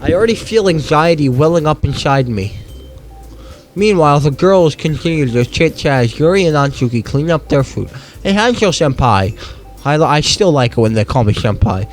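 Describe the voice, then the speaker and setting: A young man playing an awkward comedic persona, reading a visual novel aloud in character with slurred, wet-mouthed speech, halting and stumbling over his words in a deadpan way. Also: a little high, soft background music, low-quality recording. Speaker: comedic let's-play persona.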